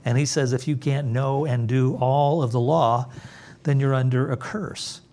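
A man's voice: steady tone, measured pace. Emphatic man preaching a sermon. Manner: emphatic preaching, drops low and soft on key words. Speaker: pastor.

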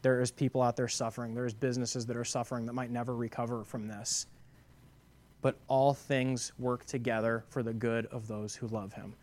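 A man giving a sermon as a pastor, moving from quiet reflection to loud, emphatic preaching full of rhetorical questions. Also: medium pitch, flat delivery, a little fast.

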